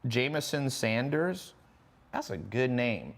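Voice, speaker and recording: A man hosting a course livestream, pitching in a brash, joking way and talking fast in bursts. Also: big pitch swings. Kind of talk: casual sales pitch livestream.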